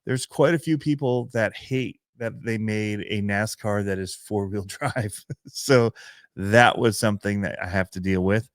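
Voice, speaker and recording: A man's voice: on the low side, unhurried, no echo, studio quality. A middle-aged man with a Michigan accent, hosting a podcast in a rambling, self-deprecating way and laughing often. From Michigan, USA. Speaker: podcast host and RC channel creator. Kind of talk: casual podcast chat.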